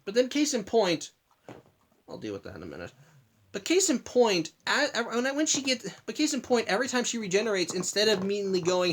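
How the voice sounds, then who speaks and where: A man's voice: high voice, very animated, fairly quick, a bit bright, slight background noise. A man hosting a casual spoken analysis of a cartoon episode at home, rambling, restarting sentences and apologizing for interruptions. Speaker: host.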